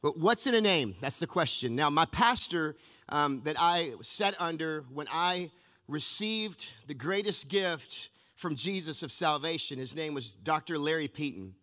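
A man pastor giving an energetic, emphatic sermon in a church sanctuary, with a long church-hall reverb. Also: on the high side, measured pace.

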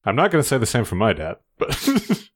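A man co-hosting a casual film podcast, measured and agreeable. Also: medium pitch, huge pitch swings, breathy edge. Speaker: podcast co-host. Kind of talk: casual podcast chat about films.

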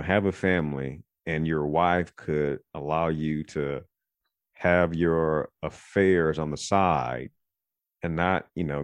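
Low-voiced man rambling on a podcast. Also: no echo. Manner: rambling, digressive, thinks out loud. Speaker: podcast host. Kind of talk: casual podcast chat.

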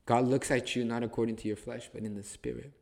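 A man's voice: medium pitch, level tone, fast talker, gravelly, darkish tone. A man hosting a podcast, teaching the Bible in casual conversation, emphatic and repetitive, restarting phrases to stress them.

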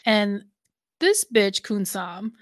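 A woman chatting casually about a series episode, animated and profane, laughing as she talks. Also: mid-range voice, extremely slow, no echo, studio quality. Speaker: show recap co-host. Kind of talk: casual chat.

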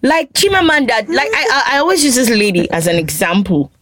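A woman, co-hosting a casual chat and telling stories in an animated way. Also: on the high side, brisk, dry recording. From Nigeria. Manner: animated storytelling, quotes others in mocking voices. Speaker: podcast co-host.

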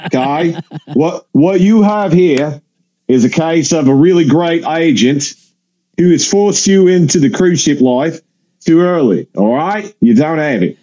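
A man voicing a blunt older Australian cruise regular with an Australian accent, gruff and lecturing. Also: on the high side, lively intonation, a little slow, dark tone, lo-fi sound, voice pushed up.

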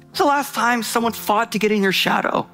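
A man preaching a sermon with passion, swinging between loud urgency and low intensity and rushing in bursts with repeated restarts. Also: vocal fry, soft background music.

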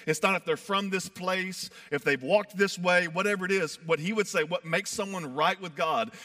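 A man preaching a sermon in a conversational way, swinging from fired-up emphasis to quiet, soft passages. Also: on the high side. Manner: emphatic, builds to fired-up peaks then drops soft; conversational, uses "like" and "you know". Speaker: pastor.

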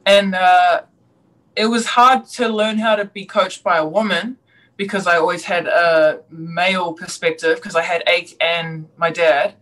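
A woman's voice: lowish voice, unhurried, low-quality recording. A woman with a New Zealand accent, a basketball player answering casually and candidly as a guest, laughing easily. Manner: relaxed and candid, warm laughs, plain-spoken. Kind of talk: casual interview.

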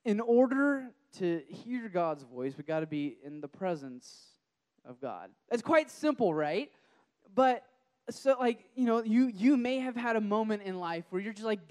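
A young man preaches in a relaxed, conversational way, his voice high and smooth. He restarts his sentences often and stays animated as he talks a group through scripture. The sound is dry and close, with almost no room around it. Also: moderate pace, no echo. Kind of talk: casual sermon to a group.

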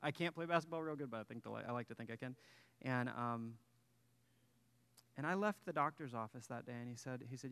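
A guest pastor in his thirties preaches in a church sanctuary, his medium-pitched voice fairly quick, a bit bright, clear and resonant. He tells a personal story in a conversational, self-deprecating way and jokes with the people in the pews.

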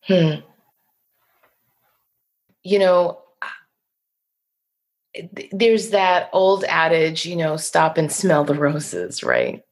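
A woman with a New Jersey accent, a poet and teacher, talking thoughtfully in an interview and laughing softly now and then. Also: low-pitched, lively intonation, very slow, pauses often. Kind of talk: reflective interview conversation.

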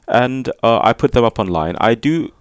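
A man, a Dominican friar, speaking as an interview guest in a measured, slightly formal way. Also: mid-range voice, expressive, no room sound, clean studio sound. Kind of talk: casual conversational interview.

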